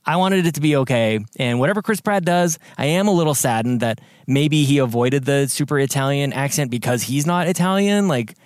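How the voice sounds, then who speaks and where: A man co-hosting a podcast in casual chat, animated and full of fillers. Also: mid-range voice, fairly quick, few pauses, no room sound, studio quality. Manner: animated, lots of fillers and laughs. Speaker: podcast co-host.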